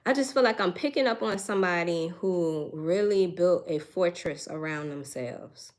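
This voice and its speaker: A young woman with a lowish, slightly mellow voice reads tarot for her viewers at a moderate pace, musing and searching intuitively. She sighs often and starts her sentences over while hunting for the right words, staying earnest and emotional throughout.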